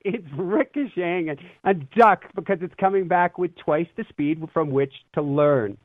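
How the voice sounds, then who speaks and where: A man's voice: high-pitched, moderate pace, hardly any pauses, dry recording. A man guesting on an interview, telling stories earnestly and with energy, laughing now and then. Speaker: interview guest, spiritual teacher. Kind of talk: animated conversational storytelling. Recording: tinny phone-like line, dry.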